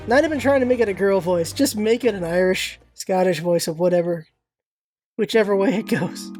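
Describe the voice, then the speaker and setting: A woman's voice: mid-range voice, moderate pace, darkish tone, soft background music. A woman playing through a story game and making wry, casual asides. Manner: wry asides between character lines. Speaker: game voice-over player.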